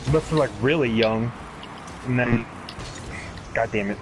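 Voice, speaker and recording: A man's voice: medium pitch, a little slow, noisy background. A man co-hosting a casual gaming stream, joking crudely and swearing a lot. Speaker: podcast co-host.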